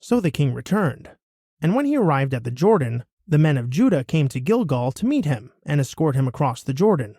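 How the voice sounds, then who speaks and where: Man reading scripture, lively voice. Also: a little high, a little fast, slightly rough, no echo, clean studio sound. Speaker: scripture reader.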